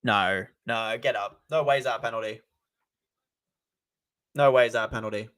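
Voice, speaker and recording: A young man streaming a live football watch-along, excitable, often stammering and repeating himself. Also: mid-range voice, normal speed, clean tone. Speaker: football fan livestreamer.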